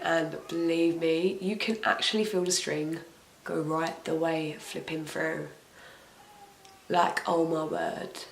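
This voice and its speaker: A woman's voice: on the low side, slight background noise. A young woman telling a personal story to camera in a chatty way, full of "like" and "oh my gosh". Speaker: vlogger. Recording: echoey room.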